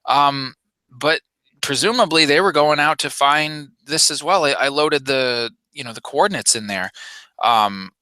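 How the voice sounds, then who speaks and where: A man's voice: on the high side, measured pace, bright, forceful tone, smooth, no room sound, voice pushed up. A man voicing a nervous, shifty male Rhodian worker who stammers and pleads.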